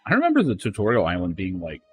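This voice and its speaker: A deep male streamer talks through his game in a relaxed, offhand way, reading bits of on-screen text aloud. His delivery swings widely in pitch. Game music plays clearly underneath. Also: fast, phone-quality sound. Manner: casual, musing, reads game text aloud. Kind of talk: casual gameplay commentary.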